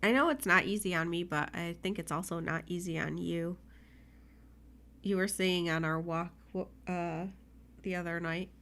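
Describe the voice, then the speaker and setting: A woman's voice: fairly low pitch, steady tone, normal speed, a bit bright. A young woman co-hosting a casual podcast chat, emotional and teary, often laughing. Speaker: podcast co-host.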